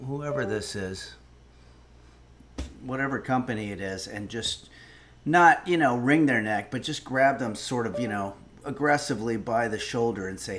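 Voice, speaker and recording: A man's voice: medium pitch, animated, a little slow, a bit bright, a little hiss or hum. A man hosting a casual cooking livestream, rambling and wry, swearing when irritated. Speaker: cooking stream host.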